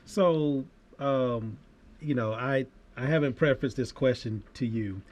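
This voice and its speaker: A man hosting a casual interview, upbeat and chatty, quick to laugh. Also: medium pitch, a little mellow. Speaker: host, city mayor.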